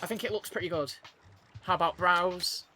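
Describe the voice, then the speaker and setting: A man's voice: high voice, normal speed, pushed and bright, slight background noise. A man giving casual let's-play commentary, chatty and hesitant, with lots of "um" and "like" fillers. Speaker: gameplay commentator. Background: game music.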